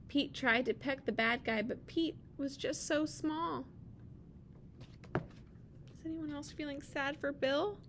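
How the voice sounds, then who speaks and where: A young woman teacher reads a children's picture book aloud in a gentle voice. She speaks at a slow, deliberate pace and keeps stopping to ask her students questions. Faint noise sits quietly under the recording. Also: a little high.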